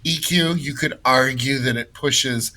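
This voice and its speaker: A man with a very bright, forceful voice arguing his points on a podcast. He is emphatic and opinionated, and he leans into his words. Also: mid-range voice, a little slow, poor audio. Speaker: podcast co-host. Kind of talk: casual podcast chat.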